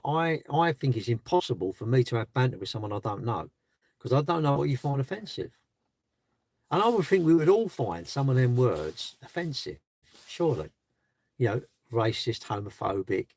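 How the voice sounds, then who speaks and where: A man with a mid-range, darkish voice chats on a live stream from his parked car, rambling and throwing out rhetorical questions. The livestreamer's casual talk is captured in a dry recording.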